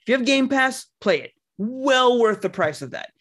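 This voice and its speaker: High-voiced man rambling about games. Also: moderate pace. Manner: rambling, animated, swears, laughs often. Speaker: podcast co-host reviewing games. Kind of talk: casual chat.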